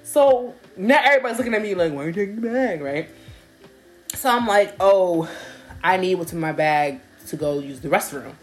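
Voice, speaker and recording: Faint music plays behind a young woman with a lowish voice, chatting casually at normal speed. She laughs her way through an animated story, performing other people's lines.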